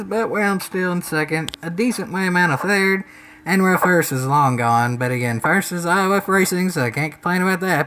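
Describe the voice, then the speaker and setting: Male gaming commentator, Southern country accent, folksy rambling delivery, bright forward tone. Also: a little high, a little hiss or hum, low-quality recording. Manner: rambling, folksy, says "y'all" and "ain't". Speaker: racing game commentator. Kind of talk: casual gameplay commentary.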